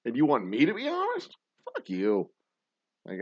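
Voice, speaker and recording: A man's voice: medium pitch, huge pitch swings, normal speed, long pauses, no echo, muffled recording. A man hosting a drinking livestream show, ranting crudely and laughing in rambling, profane chat. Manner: loud, crude, laughing, tipsy rants. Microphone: webcam livestream setup.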